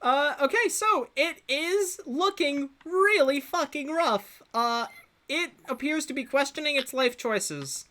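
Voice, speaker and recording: A woman narrating as game master of an online tabletop game, casual and laughing, drawing out her descriptions. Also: high voice. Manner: casual and laughing, swearing, with lively slowed narration. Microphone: computer mic on a voice call.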